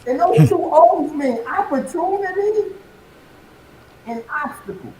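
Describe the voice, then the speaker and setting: A man giving a motivational talk as a podcast guest. He fires off rhetorical questions and builds from calm to fiery like a preacher. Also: extremely high pitch, takes it slowly, roomy sound, slight background noise, rough recording. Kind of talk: motivational speech.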